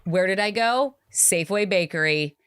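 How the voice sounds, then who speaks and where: A woman's voice: mid-range voice, normal speed, a bit bright, clean tone. A woman co-hosting a podcast, talking candidly and confidingly in casual chat. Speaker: podcast co-host.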